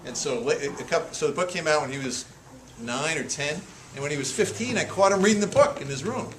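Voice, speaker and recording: A man's voice: a little high, lively intonation, a little fast. A man giving a humorous storytelling talk to a live audience. He laughs often and repeats words as he restarts his sentences. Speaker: author giving a public talk. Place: senior center hall with an audience. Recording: echoey hall, loud audience laughter and noise.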